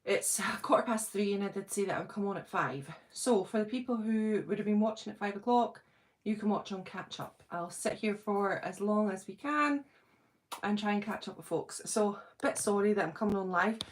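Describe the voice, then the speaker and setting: A middle-aged British woman hosting a casual livestream, nervous and excited, chatting and greeting viewers by name. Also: mid-range voice, normal speed. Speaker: channel host doing a livestream.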